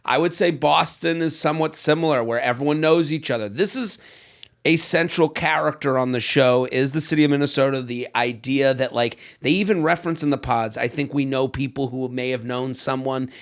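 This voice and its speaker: A man in his thirties co-hosts a relaxed podcast recap. He talks in a chatty, animated way, full of quick asides, at an ordinary middle pitch. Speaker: podcast co-host. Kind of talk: casual recap chat.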